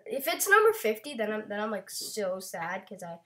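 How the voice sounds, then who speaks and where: A woman's voice: mid-range voice, very animated, normal speed, fairly bright tone. A young woman casually chatting while playing a block-building game, playful and a bit self-conscious. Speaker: Minecraft channel host. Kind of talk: casual gameplay chat.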